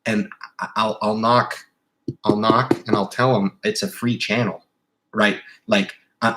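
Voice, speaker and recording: A man with a fairly low voice hosting an investing livestream. He talks in a casual, rambling way, stumbling and restarting phrases, and presses his advice on viewers insistently. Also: flat delivery, a little slow, pushed and bright, slight background noise. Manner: rambling, emphatic, with repeated restarts. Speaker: investing channel host.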